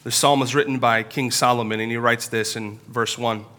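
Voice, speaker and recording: A man in his thirties, a pastor, preaching a sermon in a church in an earnest, confessional storytelling manner with pauses. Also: mid-range voice, fairly even intonation, pushed and bright.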